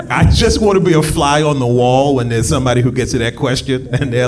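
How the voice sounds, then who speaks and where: A man doing a stand-up comedy set on a club stage, jumping from low muttered asides to loud, high shouted bits. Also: quick pace, few pauses, a crowd in the background. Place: comedy club stage before a live audience. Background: audience laughter.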